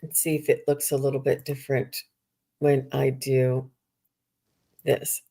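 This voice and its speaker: A woman hosting a live online workshop, chatting casually, reading out viewer comments and filling pauses with ums. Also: very deep voice, level tone, mellow, breathy edge. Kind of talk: casual live-stream chat.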